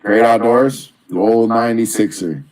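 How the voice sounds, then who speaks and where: A man's voice: mid-range voice, fairly even intonation, normal speed, darkish tone. A man co-hosting a casual live stream, telling stories in an easygoing way. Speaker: co-host of a toy live stream.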